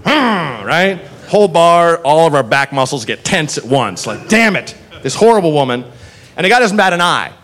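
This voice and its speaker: A man's voice: on the high side, normal speed. A young man telling a profane stand-up story on a comedy club stage, acting out the people in it. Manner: animated, profane, acts out characters in voices. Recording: live crowd in the room. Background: audience laughter.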